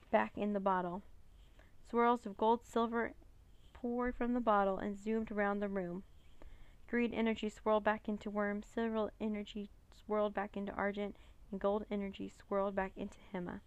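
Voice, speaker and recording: Gravelly-voiced woman reading a storybook. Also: medium pitch, normal speed, no room sound. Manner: steady, plain reading. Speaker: narrator. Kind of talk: storybook read-aloud.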